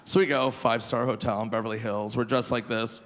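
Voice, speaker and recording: A man in his forties from Minnesota doing a live stand-up set, animated and self-mocking, often breaking into laughter. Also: mid-range voice, fairly quick. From Minnesota, USA. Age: 40s. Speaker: stand-up comedian. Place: live theater stage. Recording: reverberant live venue, faint room noise.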